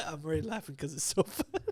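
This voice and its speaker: A man's voice: fairly high pitch, huge pitch swings, fast, a crowd in the background. A young man co-hosting a podcast, telling a crude story in casual chat and giggling as he goes. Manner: giggles through his own story. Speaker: podcast co-host.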